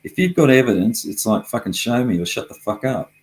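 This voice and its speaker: A man's voice: medium pitch, lively intonation, a little fast, a little mellow, low-quality recording. A middle-aged man talking casually and heatedly, frustrated and swearing often as he rambles through his complaints.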